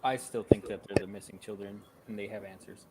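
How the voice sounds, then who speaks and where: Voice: sits low, fairly even intonation, brisk, very noisy. A tabletop player musing thoughtfully about the scene. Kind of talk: casual tabletop role-play.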